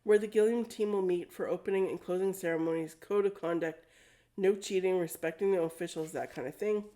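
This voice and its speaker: A bored clerk, read by a woman in a storybook, reeling off rules in a flat, weary monotone. The voice is mellow and lowish. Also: a little fast, close to an everyday voice. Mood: droning. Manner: monotone droning. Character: bored male registration clerk, droning monotone.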